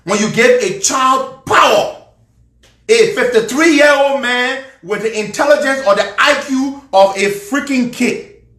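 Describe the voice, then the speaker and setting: A man's voice: extremely high pitch, measured pace, fairly bright tone, roomy sound. A man with a Liberian accent, ranting and mocking in angry live political commentary.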